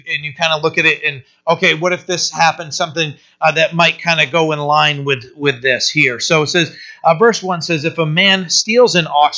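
A man's voice: fairly high pitch, sharp tone. A man teaching a Bible passage in a casual, conversational way, often checking in with "right?". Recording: dull lo-fi sermon recording.

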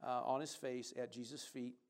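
Reading from scripture during his sermon, this male pastor speaks at a moderate pace with a medium pitch and a level tone. He shifts between casual asides and loud emphatic outbursts, asking the congregation for amens.

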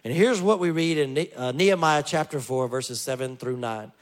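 A man preaching a sermon as pastor, telling stories with lively joking asides. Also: mid-range voice, moderate pace.

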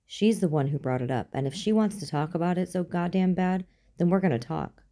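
A woman's voice: on the low side, a little fast, warm tone, voice pushed up, close to an everyday voice. A woman voicing a stubborn, impatient middle-aged male detective who talks bluntly, in an audiobook. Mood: angry.

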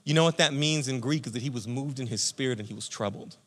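A man pastor giving a conversational, energetic sermon, speaking to listeners as friends. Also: medium pitch, fast.

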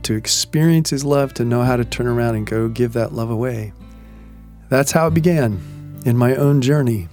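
A middle-aged man sharing an earnest devotional testimony, slowing down to quote scripture. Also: medium pitch, creaky, darkish tone. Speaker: ministry leader sharing testimony. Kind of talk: personal testimony, devotional talk.

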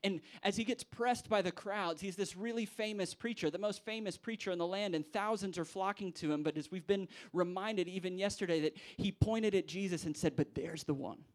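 A young man, a pastor preaching a sermon to church leaders, acting out quoted voices with big jumps in pitch. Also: brisk, hardly any pauses. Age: young adult.

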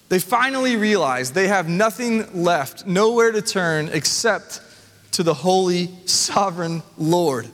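A pastor with a high voice preaches earnestly, leaning on deliberate pauses. His words ring out with a long hall reverb, as in a church sanctuary. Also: lively intonation, a bit bright. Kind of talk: sermon.

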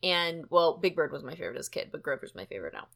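A woman's voice: deep voice, rapid-fire, creaky. Chatty woman podcast host. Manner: animated, chatty, many filler likes. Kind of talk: casual chat.

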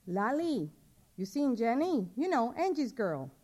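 A woman's voice: fairly high pitch, very animated, unhurried, darkish tone, pitched above the performer's own voice. A woman voicing a friendly luncheonette owner. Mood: helpful.

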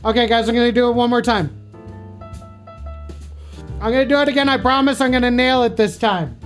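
A man's voice: extremely high pitch, brisk, soft background music. A man livestreaming, bantering crudely and teasingly with his chat in a casual way.

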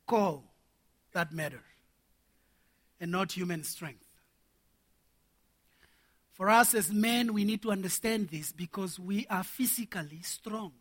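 A man preaching a sermon to men, animated and laughing as he acts out little scenes. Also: high-pitched.

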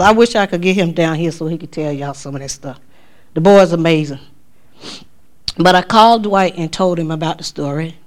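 A woman, telling a testimony in church, her voice climbing high when she quotes herself. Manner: animated storytelling, voice climbing high for quoted exclamations. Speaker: speaker giving a testimony at church. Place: church sanctuary.

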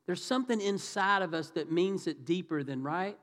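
A man's voice: high voice, expressive, normal speed, fairly bright tone. A man preaching a conversational sermon in church, asking the congregation questions and acting out the voices of the people in his story. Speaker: pastor. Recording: reverberant church hall.

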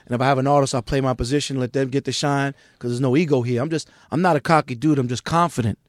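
A middle-aged music manager from Queens, with a New York accent, tells his story bluntly and with plenty of profanity as a guest in a candid podcast interview. He talks fast at a medium pitch with fairly even intonation, and there's no echo.

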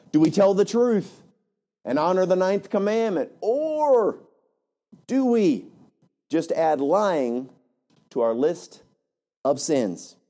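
A male pastor preaching a lively, conversational sermon, often checking in with "right?". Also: high-pitched. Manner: animated, conversational, frequent "right?".

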